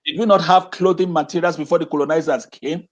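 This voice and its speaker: With a lo-fi sound and a steady tone, a man whose voice runs a little high speaks quickly. An educator interviewed over video, he makes his points passionately, restating phrases and asking rhetorical questions.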